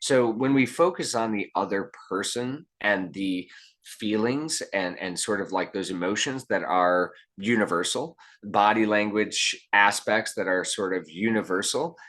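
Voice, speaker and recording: Low-voiced earnest man speaking as guest. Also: a bit bright. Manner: earnest, reflective, many restarts and fillers. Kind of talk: conversational interview answers.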